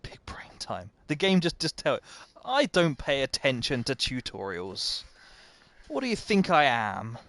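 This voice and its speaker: A man's voice: mid-range voice, very animated, measured pace, a bit bright, no echo. A man commentating live as he plays a video game, chatty and self-mocking, often talking to the game itself. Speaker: game streamer.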